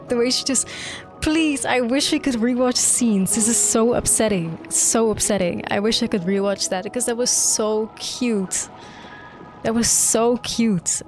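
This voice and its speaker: Excitable young woman streamer. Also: mid-range voice. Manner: excitable, gushing, swears freely. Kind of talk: live gameplay reaction commentary. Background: faint game music.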